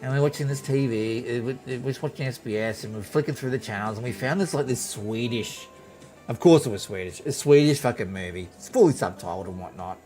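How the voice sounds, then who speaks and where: Aussie streamer bloke telling a story, swears a lot, keeps restarting, mid pitch, soft music underneath. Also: male voice, a little fast. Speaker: game streamer. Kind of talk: casual storytelling on a live stream.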